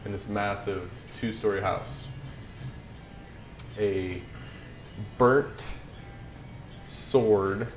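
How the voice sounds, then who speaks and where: A man's voice: on the low side, steady tone, very slow, pauses often, music in the background. A man narrating as game master in a loose, rambling way, full of fillers. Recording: echoey room with clear background noise.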